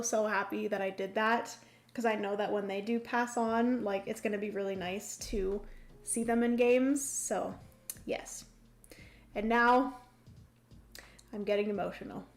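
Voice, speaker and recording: Slow, chatty woman streaming board games. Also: on the high side. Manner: chatty, fills with hums and ums. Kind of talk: casual livestream commentary.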